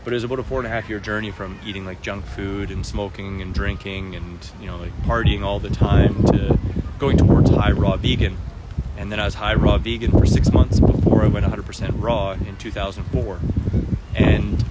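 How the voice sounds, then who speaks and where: A man with a somewhat low voice chats in an easygoing way, full of fillers and little exclamations, as he walks outdoors through a city park. He holds his phone as the mic, and loud street noise and passing traffic sit right under his words. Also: normal speed. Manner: chatty and easygoing, with frequent fillers and excited exclamations. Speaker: raw food lifestyle coach. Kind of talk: casual live-stream chat while walking.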